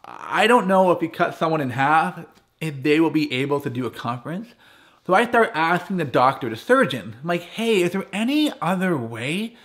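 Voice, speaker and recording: A man giving a lively, humorous personal story as a guest speaker addressing young campers. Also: a little high, moderate pace. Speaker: guest speaker at a youth camp.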